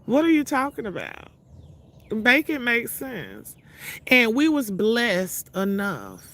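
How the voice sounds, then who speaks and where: This Mississippi vlogger's voice sits on the high side, swooping wildly in pitch as she takes it slowly, a bit bright in tone. Standing outdoors by her trailer, she rants at her viewers in a brash, profane, confrontational call-out.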